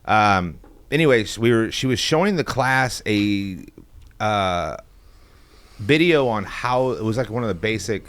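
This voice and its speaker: Deep-voiced man telling rambling stories. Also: lively intonation, moderate pace, a bit bright. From Texas. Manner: rambling, profane storytelling with acted-out quotes. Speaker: guest. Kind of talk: casual podcast storytelling. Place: podcast studio.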